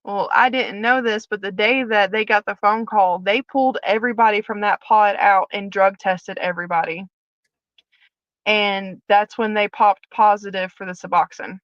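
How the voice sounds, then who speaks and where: A woman's voice: mid-range voice, fairly even intonation, moderate pace, no echo, muffled recording. A woman, a former prison officer, candidly telling her personal story as a guest and acting out the dialogue as she retells it.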